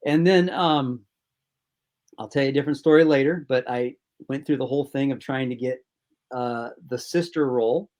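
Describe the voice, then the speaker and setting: A man's voice: mid-range voice, moderate pace, a little mellow. A film director as an interview guest, telling rambling casual anecdotes and acting out his own quoted thoughts.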